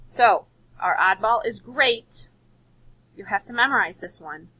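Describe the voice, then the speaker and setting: A woman teacher giving a recorded spelling lesson to children, patient and explaining slowly, repeating words. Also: medium pitch, lively intonation, bright, forceful tone, slightly rough, no echo, rough recording.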